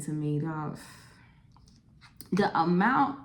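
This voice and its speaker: Young woman, tarot reading, chatty and lively, lowish voice, keeps saying y'all. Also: moderate pace, roomy sound. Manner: chatty, animated, lots of "okay?" and "y'all". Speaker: tarot reader. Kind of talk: casual tarot reading to camera.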